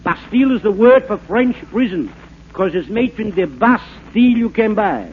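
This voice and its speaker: An actor playing a bumbling fake French professor, in rambling, stammering comic patter for a 1940s radio comedy. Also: male voice, high-pitched, animated, normal speed. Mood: mock-lecturing. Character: bumbling fake French professor, fast-talking huckster man. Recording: narrow-band scratchy 1940s radio broadcast.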